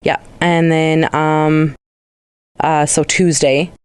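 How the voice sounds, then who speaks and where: A woman's voice: sits low, little pitch movement, extremely slow, darkish tone, clear, resonant tone, no room sound. Chatty woman, dry sound. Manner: chatty, swears freely, rambling storyteller. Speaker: podcast co-host. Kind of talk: casual chat.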